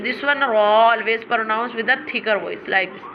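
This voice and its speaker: A woman teaching children Quran recitation in English with a South Asian accent, chanting verses slowly and repeating her instructions for emphasis. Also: on the high side, dull audio, a little hiss or hum. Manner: slow drawn-out recitation between quick explanations.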